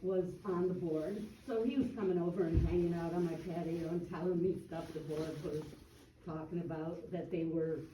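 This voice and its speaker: A woman giving a plain, halting account with frequent ums, speaking as a resident at a community meeting. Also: lowish voice, steady tone. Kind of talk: public comment at a meeting. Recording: echoey room, distant mic, faint noise.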